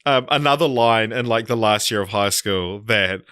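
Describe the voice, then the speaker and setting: A young man on a podcast, telling a rambling story and laughing often. His voice is forceful and bright. The sound is close and dry. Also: fairly low pitch, moderate pace, no room sound. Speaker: podcast co-host. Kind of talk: casual chat.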